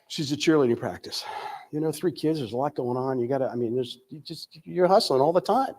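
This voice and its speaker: An older man from the United States giving a candid recovery testimony, telling his story with frequent pauses and fillers. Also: medium pitch, expressive, a little mellow. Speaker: recovery speaker.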